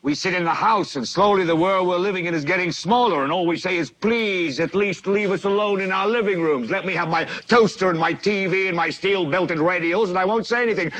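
An actor playing a furious male TV newscaster ranting on air in a film scene, building from quiet brooding to shouting. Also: high-pitched, brisk, husky, low-quality recording. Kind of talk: film monologue.

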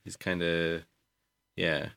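A woman's voice: rumbling low, flat delivery, takes it slowly, gravelly, fairly bright tone, smooth. A woman co-hosting a podcast in casual chat, asking questions and chuckling between short replies. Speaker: podcast co-host.

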